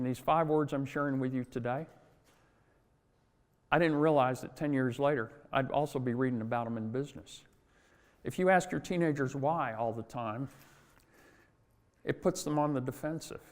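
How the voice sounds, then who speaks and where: A middle-aged man tells stories at a convention in an easygoing, self-deprecating way. His voice sits at an ordinary pitch. The sound carries the long reverb of a large hall. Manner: chatty, self-deprecating, laughs at own jokes. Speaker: speaker at a convention. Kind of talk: conference talk with anecdotes.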